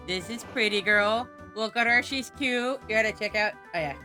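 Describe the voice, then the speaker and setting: Bright, playful young woman streamer. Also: medium pitch, moderate pace. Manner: playful, silly, sing-song repetition; chats directly to viewers in chat. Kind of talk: casual live-stream chat. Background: faint background music.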